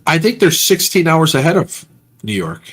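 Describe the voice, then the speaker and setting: A man's voice: fairly high pitch, big pitch swings, moderate pace, a bit bright, breathy edge. A man in a casual chat, teasing and talking freely.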